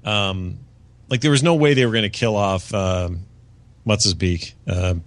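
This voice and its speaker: An unhurried man with a lowish voice co-hosts a podcast, casually reviewing a TV season in a rambling way full of fillers and restarts. His podcast studio mic captures no room sound.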